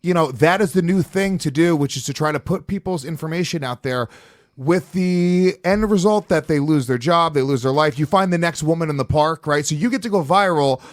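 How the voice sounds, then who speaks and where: A man hosting a podcast, swearing freely as he tells animated stories. His voice sits a touch high for a man, and the recording is dry and close, with no room sound. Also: brisk, no room sound. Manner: profane, animated storytelling. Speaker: podcast host. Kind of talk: casual podcast chat.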